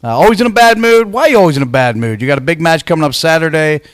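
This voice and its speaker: A man hosting a wrestling show in a laid-back, chatty way, pausing often on "uh". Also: fairly high pitch, expressive, clean tone, dry recording. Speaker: show host.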